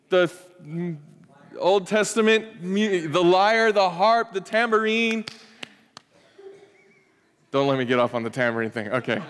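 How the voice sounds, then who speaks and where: Brief: lively man pastor, slightly high voice, long church reverb. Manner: lively storytelling with pop-culture asides. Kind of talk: sermon. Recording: long reverb of a large hall.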